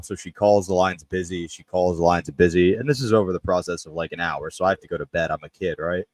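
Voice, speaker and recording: Low-voiced man telling a story. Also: fairly quick, no echo, rough recording. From Memphis. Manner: animated, shouts when quoting others. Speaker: podcast co-host. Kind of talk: casual storytelling.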